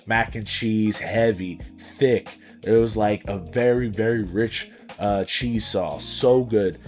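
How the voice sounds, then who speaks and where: A man's voice: lowish voice, slow pace, darkish tone, soft background music. A young man co-hosting a podcast, talking in a loose, rambling way, saying "bro" constantly and laughing often. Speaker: podcast co-host. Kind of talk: casual chat.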